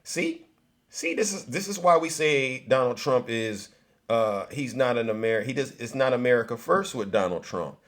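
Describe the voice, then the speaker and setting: A man hosting a political commentary live stream, mocking and animated, talking straight to his viewers. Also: mid-range voice, normal speed.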